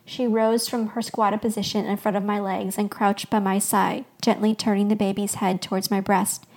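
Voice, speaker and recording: Woman softly reading a story aloud. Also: mid-range voice, level tone, moderate pace, hardly any pauses. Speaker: podcast host.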